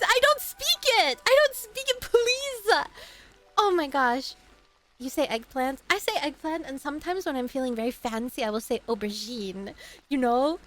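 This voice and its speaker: A woman's voice: high voice, fairly bright tone. A young woman streamer chatting casually with her viewers, giggling often and drifting off her story to greet people in chat.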